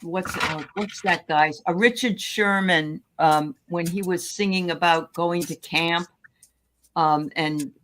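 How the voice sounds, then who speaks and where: Woman tarot reader, lowish voice, casual rambling chat with many fillers. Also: steady tone, a bit bright, a little hiss or hum. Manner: rambling, halting, searches for words. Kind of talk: casual live-stream chat.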